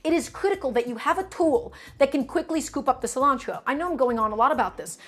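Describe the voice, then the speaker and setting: A woman's voice: high voice, animated, fast. A woman streaming a cooking demonstration, explaining technique emphatically and repeating her points to viewers.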